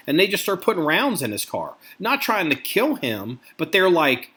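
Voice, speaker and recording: A man's voice: a little high, moderate pace, hardly any pauses. A man co-hosting a casual podcast, talking with a lot of swearing and acting out angry quotes. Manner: profane, animated, acts out angry quotes. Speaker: podcast co-host.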